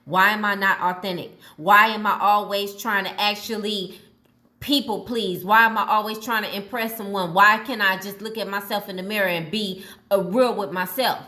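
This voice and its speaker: A woman, hosting a casual motivational monologue in a blunt, animated way with some swearing. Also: medium pitch, moderate pace. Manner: animated, blunt, swearing, retells talks with God. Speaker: podcast host.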